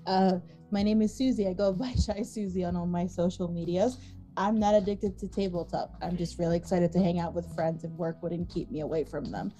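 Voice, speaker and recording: A woman's voice: lowish voice, brisk, mellow, faint music behind. A woman introducing herself as a player on a tabletop stream, a bit scattered after coming straight from work.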